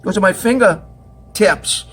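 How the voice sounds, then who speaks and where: A man's voice: high-pitched, measured pace, a bit bright, slightly rough. A man teaching pottery at the wheel in a studio, chatty and joking as he demonstrates step by step.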